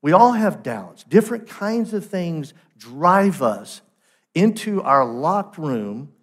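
A man's voice: on the high side, fairly bright tone. A man preaching a sermon as pastor, emphatic, asking rhetorical questions and repeating phrases for emphasis.

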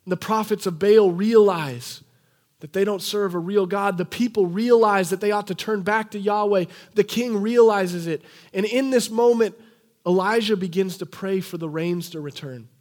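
A young man preaching a sermon, retelling a story animatedly and acting out the quoted lines in a lower voice. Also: normal speed.

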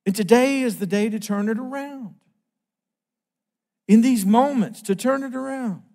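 A middle-aged man preaching a sermon, emphatic and slowing down on key phrases. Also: very high-pitched, dark tone.

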